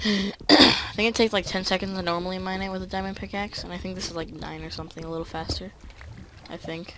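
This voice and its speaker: Excitable gamer narrating gameplay, bright tone. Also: medium pitch, fast talker, a little hiss or hum. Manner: chatty, excitable, talks through each move. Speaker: let's play gamer. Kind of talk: casual gameplay commentary.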